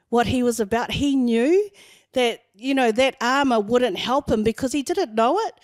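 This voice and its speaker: A woman pastor delivers a sermon, telling personal stories in an easy conversational way. She is middle-aged, and her voice sits slightly high. The sound is close and dry, with almost no room around it. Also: no room sound.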